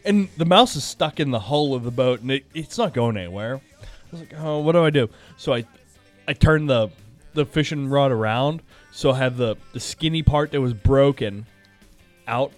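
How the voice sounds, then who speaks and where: Man, podcast host, relaxed storyteller, casual and profane, faint music in the background. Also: mid-range voice, normal speed. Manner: laid-back, swears freely, laughs while telling stories.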